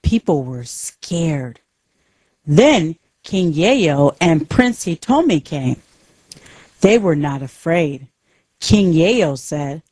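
A woman narrating a simple storybook aloud, slow and clear for learners. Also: sits low, very animated, dark tone, no echo.

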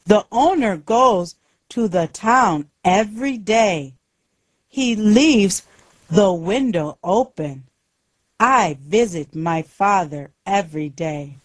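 Very slow, lively woman storyteller. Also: mid-range voice, no echo. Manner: very slow, deliberate, simple sentences. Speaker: narrator. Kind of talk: scripted narration of a simple graded-reader story.

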